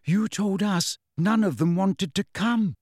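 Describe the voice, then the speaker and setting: A man voicing an anxious, clever teenage girl who turns shrill and sarcastic when upset. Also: lively intonation, measured pace, a little mellow, no room sound, studio quality, full character voice.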